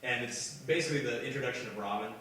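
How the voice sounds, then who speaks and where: Bright-voiced young man, echoey and far off. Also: mid-range voice, very fast. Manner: eager, chimes in often, acts out bits while laughing. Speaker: podcast co-host. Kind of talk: casual chat. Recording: echoey room, distant from mic.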